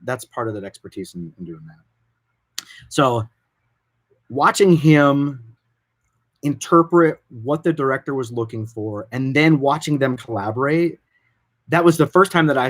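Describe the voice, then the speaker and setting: A man who directs production, explaining his voiceover work in a casual, informal and animated way. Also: mid-range voice, unhurried, pauses often. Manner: informal, animated, loose and rambling.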